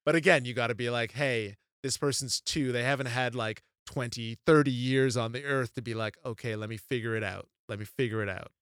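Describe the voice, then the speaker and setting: A man's voice: mid-range voice, a little fast, few pauses, clean tone, no room sound. A man in his thirties chatting casually on a podcast, rambling through stories and acting out every quote along the way. His voice sits mid-range for a man. The sound is very dry and close, with no trace of the room. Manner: rambling, animated storytelling with acted-out quotes. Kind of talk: casual chat.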